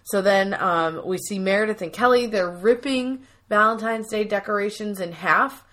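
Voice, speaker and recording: A woman's voice: medium pitch, normal speed, fairly bright tone. Chatty woman retelling an episode. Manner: chatty storytelling, acts out quotes in voices. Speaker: podcast co-host recapping a TV episode. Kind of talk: casual chat.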